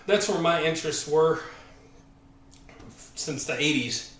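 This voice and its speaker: Taking his time, a fitness channel host with a high-leaning voice and Southern American accent, in his forties, talks casually on a live stream between sets. He's a bit out of breath, rambling and full of fillers, with friendly shout-outs along the way. Recorded far from the mic in an echoey room.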